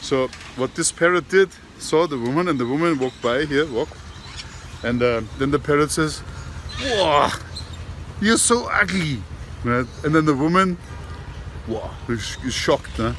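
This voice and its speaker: A man telling a joke to his camera outdoors at an industrial estate, halting and restarting his words as he goes. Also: on the high side, a bit bright, slight background noise. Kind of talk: casual storytelling to camera. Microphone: handheld camera.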